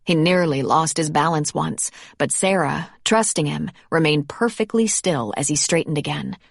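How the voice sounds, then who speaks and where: A woman reading a romance audiobook in measured scripted narration. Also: low-pitched, gravelly, no room sound, clean studio sound.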